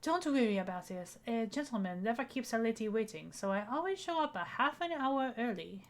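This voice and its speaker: A woman voicing a courtly male pigeon gentleman in a deliberately bad, exaggerated French accent. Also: fairly high pitch, expressive. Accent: fake French.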